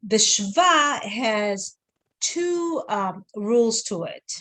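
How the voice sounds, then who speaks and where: A woman's voice: a little high, expressive, drawn-out words, a bit bright. Woman teaching a class. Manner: patient, checks in with students often. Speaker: Hebrew teacher.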